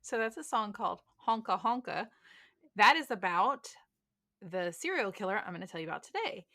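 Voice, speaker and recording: A woman's voice: medium pitch, sing-song, normal speed, sharp tone. A woman with a Southern US accent hosting a true crime podcast, telling the case in a blunt, joking way full of folksy slang. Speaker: podcast host, case narrator.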